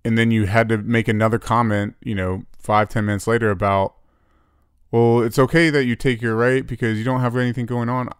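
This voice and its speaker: Smooth-voiced man, calm and reflective. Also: mid-range voice, fairly quick, no room sound, studio quality. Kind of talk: candid couple's chat.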